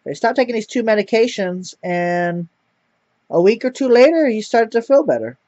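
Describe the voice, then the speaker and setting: A man's voice: sits high, big pitch swings, normal speed, a little mellow, no room sound. A man telling a rambling personal story to camera, repeating words and swearing often. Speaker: vlogger. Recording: dull lo-fi dry sound.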